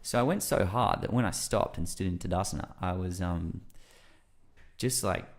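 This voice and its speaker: A deep voice with vocal fry, moving a little fast, belongs to a man guesting on a podcast. He tells casual stories loosely, rambling with many fillers and animatedly acting out his reactions.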